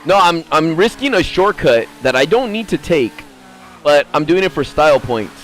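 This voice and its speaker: A man narrates his own driving run in a game, muttering, then yelping when things go wrong. His voice sits a little high and leaps around with every near miss. A faint hiss of noise runs under the recording. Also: very animated, moderate pace, a bit bright, low-quality recording. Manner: swears a lot, swings from mutters to yelps. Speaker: gaming streamer. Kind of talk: casual gameplay commentary.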